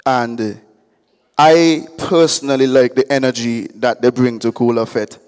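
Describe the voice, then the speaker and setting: A man who hosts an event, introducing the lineup in a measured way with filler pauses. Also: medium pitch, fairly even intonation, a little mellow. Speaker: event host. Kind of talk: introducing a lineup at a media launch. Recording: long reverb in a hall.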